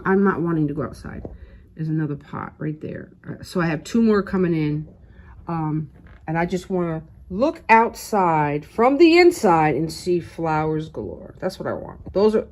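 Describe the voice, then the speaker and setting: Chatty middle-aged woman showing off decor. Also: on the low side. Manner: chatty, gushing over decor, repeats herself. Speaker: home vlogger. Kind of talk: casual chat to camera. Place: at home, indoors. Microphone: handheld camera.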